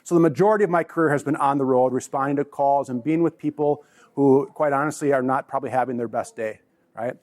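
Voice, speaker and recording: A man's voice: medium pitch, fast talker, darkish tone. Chatty man presenting at a conference. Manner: chatty, joking, with restarts. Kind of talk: casual talk to a live audience. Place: conference room.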